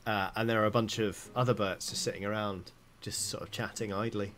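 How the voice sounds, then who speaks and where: Rambling low-voiced man running a tabletop game. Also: fairly even intonation, fairly quick, a bit bright, a little hiss or hum. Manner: rambling, filler-heavy description. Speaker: dungeon master.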